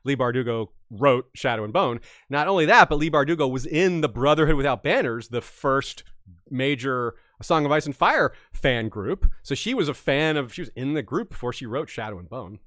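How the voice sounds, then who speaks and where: A man co-hosts a casual podcast and tells his stories emphatically, with lots of animation. His voice sits at a medium pitch, and the recording is dry. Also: lively intonation, moderate pace, fairly bright tone, no room sound. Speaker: podcast co-host. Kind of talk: casual storytelling chat.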